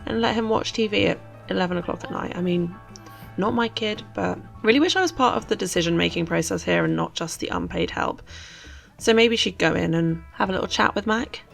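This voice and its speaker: A woman's voice: mid-range voice, fairly quick, vocal fry, faint music behind. A woman, a host chatting playfully through casual game commentary. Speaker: let's play host.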